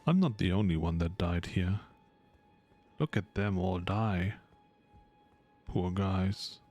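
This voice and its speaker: A man's voice: low voice, takes it slowly, darkish tone, soft background music. A man streaming a video game, rambling casually and chatting with his viewers as he plays. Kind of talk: casual live-stream commentary while gaming.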